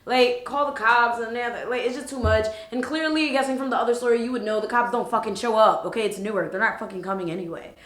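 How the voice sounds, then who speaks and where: A young woman in her twenties tells a story on her vlog with lots of energy, swearing freely as she goes. Her voice is bright and forward, and it echoes a bit in a roomy space. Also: on the high side, fast talker, hardly any pauses. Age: 20s. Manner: animated, profane, expressive storyteller. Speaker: vlogger. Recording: roomy echo.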